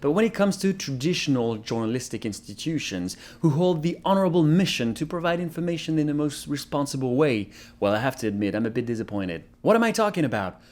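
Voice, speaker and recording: A man's voice: a little high, animated, fast, hardly any pauses, darkish tone. A young man giving earnest, impassioned commentary in a personal video. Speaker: video creator.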